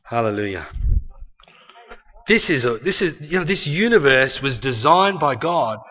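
In a church hall full of worshippers, a preacher delivers his sermon in an unhurried, sing-song mid-range voice that's bright and forceful. He hammers home key phrases and performs quotations with emphasis. The recording is muffled and carries the long reverb of a big hall.

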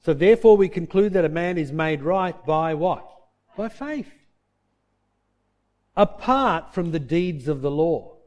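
A man pastor preaching a sermon, asking the congregation questions and answering them himself, and dropping to a soft, low voice for heartfelt points. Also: animated, measured pace, pauses often.

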